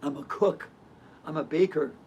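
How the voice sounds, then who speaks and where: A woman's voice: low-pitched, normal speed, a little mellow, a little hiss or hum. A woman teaching a hula hoop yoga lesson, telling stories in earnest, rhythmic, repeating lists. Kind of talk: spoken yoga lesson with storytelling.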